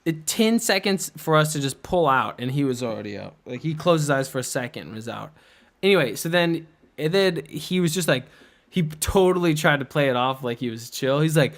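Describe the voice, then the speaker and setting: A young man telling a rambling story on a podcast, animated, laughing and imitating people as he goes. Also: fairly high pitch, a little fast. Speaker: podcast co-host. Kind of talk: casual storytelling.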